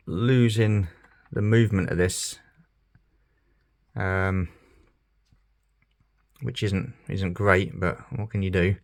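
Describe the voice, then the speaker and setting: A British man with a fairly low voice talks through a fiddly toy repair. He mutters and half-whispers, cursing under his breath as he works, in a relaxed hobby-channel manner. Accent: British English. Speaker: toy collector channel host. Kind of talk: casual commentary while repairing a toy.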